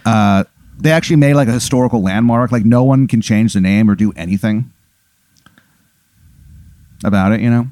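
A man improvising a comedy story in a rambling, animated way, full of fillers. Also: lowish voice, normal speed, pauses often, no room sound.

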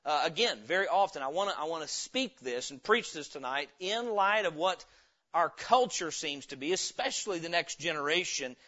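A male pastor preaches with a high, bright, forward voice, his intonation lively and his speed normal. His style is folksy and conversational, packed with homespun stories, while the church recording comes across dull and lo-fi.

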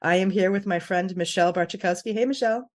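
A woman hosting a podcast in casual chat, talkative and quick to laugh, with frequent fillers and restarts. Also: medium pitch, darkish tone. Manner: chatty, laughs often, many fillers and restarts. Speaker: podcast host.

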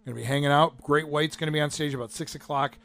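A man co-hosting a radio talk show, rambling casually and trailing off softly at the ends of phrases. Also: a little high, fairly even intonation, fast talker. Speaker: radio co-host. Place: radio studio.

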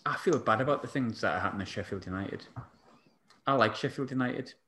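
A chatty man hosting a casual football talk, jokey and full of questions. His middle-pitched voice rings around an echoey room. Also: fairly quick, bright, forceful tone, a little hiss or hum.

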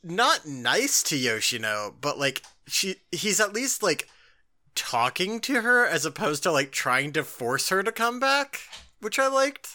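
A young adult podcast co-host chatting casually, with a bright, sharp tone. The voice swings up and down a lot. The talk rambles, full of "like" and offhand swearing. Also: medium pitch, very animated, a little slow. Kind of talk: casual chat.

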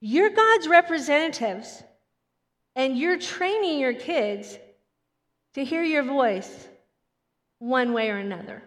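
A woman preaching a Sunday sermon in an animated way, acting out children's voices as she goes. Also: high-pitched, slow pace, long pauses. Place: church hall. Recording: long hall reverb.

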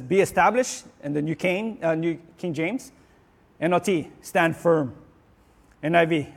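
A man preaching a sermon in an earnest way, often restarting and repeating words, and rising and getting louder on his declarations. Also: on the high side, big-room sound. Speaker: pastor.

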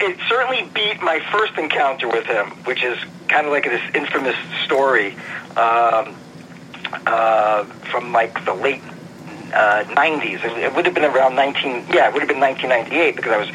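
A man's voice: mid-range voice, normal speed, sharp tone, slight background noise, low-quality recording. A man being interviewed about his comic book writing, telling an anecdote in a casual, self-interrupting way. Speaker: guest, comic book writer.

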